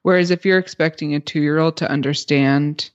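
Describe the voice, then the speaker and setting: Woman explaining calm parenting advice. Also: low-pitched, moderate pace, dry recording, dull audio. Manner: explanatory, coaching tone. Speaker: parenting expert guest. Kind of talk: casual podcast discussion.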